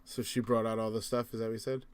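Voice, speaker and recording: A man's voice: lowish voice, little pitch movement, fast talker, a little hiss or hum. A man playing a tabletop game, wry and joking. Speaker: player. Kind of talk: casual tabletop game play.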